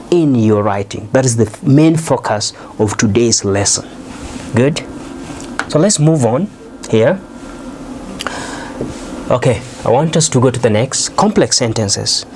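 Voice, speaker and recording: A man with a mid-range voice teaching an English lesson on video. He explains patiently, step by step, often pausing on "uh" and checking in with "okay?". A faint hum of room noise sits behind him. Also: medium pitch, a little mellow.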